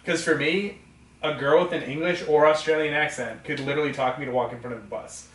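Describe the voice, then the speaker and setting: A woman's voice: sits low, fast talker, reverberant, far from the mic, rough recording. A woman interviewing a friend in a teasing, joking way. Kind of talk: casual interview chat.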